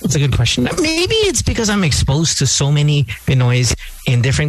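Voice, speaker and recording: A Filipino man hosting a podcast in casual chat, animated and often mimicking other voices as he talks. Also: mid-range voice, a little fast, slight background noise, low-quality recording. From Philippines. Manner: animated, mimics voices while telling stories. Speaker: podcast host.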